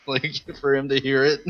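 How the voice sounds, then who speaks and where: A man's voice: medium pitch, muffled recording. A man playing a tabletop game, laughing often and drawing out his fillers. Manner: laughing, hesitant, drawn-out fillers. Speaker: player.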